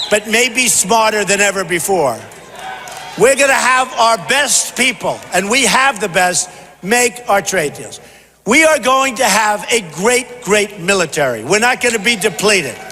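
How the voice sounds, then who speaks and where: A man giving a campaign rally speech in a large convention hall, punchy and repetitive, often shouting. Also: high voice. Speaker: presidential candidate. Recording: long hall reverb, faint noise.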